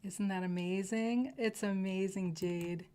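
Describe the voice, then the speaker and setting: A woman hosting a live jewelry sales stream, gushing effusively over each piece and dropping into soft asides. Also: mid-range voice, fairly even intonation, unhurried, clear, resonant tone. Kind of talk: live shopping stream presentation.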